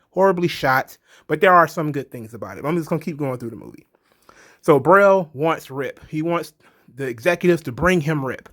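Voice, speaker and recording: A man giving a casual, blunt movie review, rambling and swearing freely. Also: fairly high pitch.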